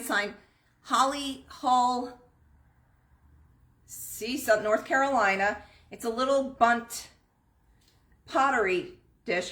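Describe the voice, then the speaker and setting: An antique shop host pitches items live online, talking casually about each piece and its price. Her voice sits on the high side and sounds a bit bright, and the room adds echo.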